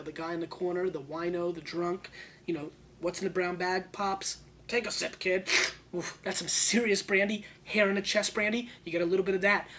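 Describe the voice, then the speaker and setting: Hyped-up guy doing a wine review to camera, jokey, voice jumps loud then quiet, faint room hum behind. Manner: excitable, joking, big swings in pitch and loudness; talks to the camera and an off-screen helper. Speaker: wine show host. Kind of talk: casual video wine tasting review.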